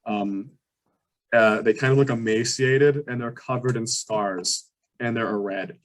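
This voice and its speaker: A man's voice: medium pitch, steady tone, unhurried. A man narrating as game master of a tabletop game, describing scenes with many fillers and restarts.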